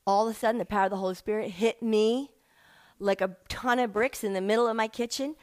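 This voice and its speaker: A middle-aged woman telling her personal faith testimony in an emotional, animated way, acting out the people she quotes. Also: mid-range voice, fast. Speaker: speaker sharing a personal testimony.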